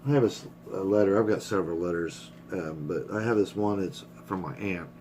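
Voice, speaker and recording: Low-voiced man rambling candidly. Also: brisk, a little mellow, a little hiss or hum. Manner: rambling, candid, swears freely. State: emotional, choked up. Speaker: vlogger. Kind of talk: casual personal vlog.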